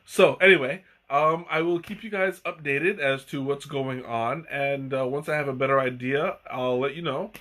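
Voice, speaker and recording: A man chats loosely on a live stream about tea, full of fillers and false starts. His voice sits at an ordinary middle pitch, relaxed and unhurried. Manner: rambling, hesitant, many fillers and restarts. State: hiccuping. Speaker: tea livestream host. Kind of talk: casual live-stream chat.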